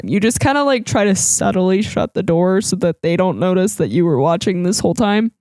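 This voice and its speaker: A woman's voice: on the low side, expressive, brisk, hardly any pauses, darkish tone, no echo. A woman co-hosting a podcast in casual chat, chatty and laughing often. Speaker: podcast co-host. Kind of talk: casual chat about a horror film.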